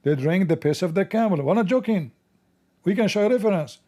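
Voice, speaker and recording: A man's voice: sits high, a little fast. Sarcastic male commentator. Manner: sarcastic, animated, mocking. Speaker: host. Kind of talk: casual commentary video.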